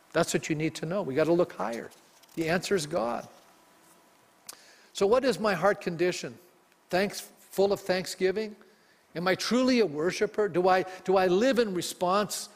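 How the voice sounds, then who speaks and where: A man preaching from a church pulpit with a fairly high voice. He drives his points home with rhetorical questions aimed at the congregation. The sound rings with the long reverb of the hall. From Canada. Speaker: pastor. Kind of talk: sermon. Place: church sanctuary.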